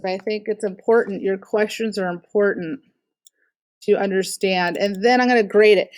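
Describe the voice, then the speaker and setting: A woman's voice: mid-range voice, a little mellow, no echo. A woman teaching an online art class, critiquing student artwork in an encouraging but direct way with frequent fillers, speaking into a computer mic on a video call.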